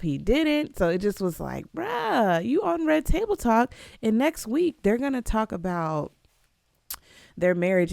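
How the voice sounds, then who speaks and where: A young adult woman talks through her solo podcast in a lowish, gravelly voice with a mellow tone. She is casual and emphatic, and often leaps up in pitch to stress a point. The sound is dry and close. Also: no room sound. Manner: emphatic and conversational, with sudden jumps up in pitch. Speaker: podcast host.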